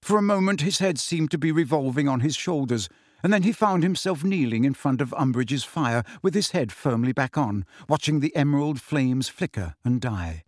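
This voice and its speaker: Expressive male storybook reader. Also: on the high side, normal speed, no room sound, clean studio sound. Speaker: audiobook reader. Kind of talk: scripted narration.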